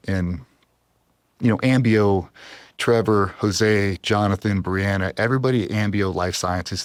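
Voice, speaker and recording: Casting: low-voiced man, podcast guest, earnest and intense storytelling, dry studio sound. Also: no echo. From US East Coast. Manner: intense, heartfelt, emotional. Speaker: podcast guest, former Navy SEAL.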